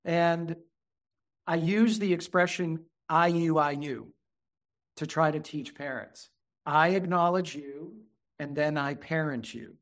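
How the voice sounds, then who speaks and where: A man with a somewhat high voice talks earnestly as a therapist guest in an interview. When he acts out what he tells children, he goes soft and soothing. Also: slow pace. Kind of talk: conversational interview.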